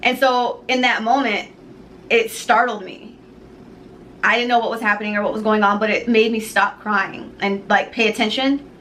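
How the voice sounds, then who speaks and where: A woman earnestly telling a personal faith story to the camera, halting and pausing often. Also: a little high, fairly even intonation, a bit bright, slight background noise, rough recording. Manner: earnest, halting, with many pauses. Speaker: jewelry maker sharing a personal story.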